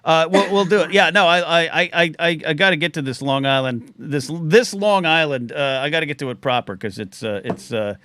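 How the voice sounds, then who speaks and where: A male host runs a live call-in stream, his voice bright and a touch high. He rambles and repeats himself in a casual, excited chat, heard close and dry. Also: fairly quick, few pauses, dry recording.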